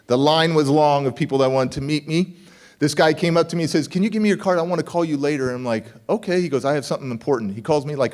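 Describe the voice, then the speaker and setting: A man giving a motivational keynote, telling a story with punchy repeated phrases and acting out both sides of the dialogue. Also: on the high side. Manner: punchy, repeats key words for emphasis. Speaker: motivational speaker. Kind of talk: keynote speech. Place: conference hall stage.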